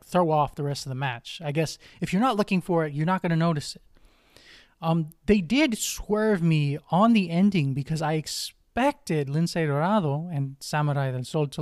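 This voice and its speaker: A man's voice: fairly high pitch, darkish tone, no echo. Rambling young man with a dry close mic. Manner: rambling, many ums and restarts. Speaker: podcast host. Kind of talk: casual wrestling review chat.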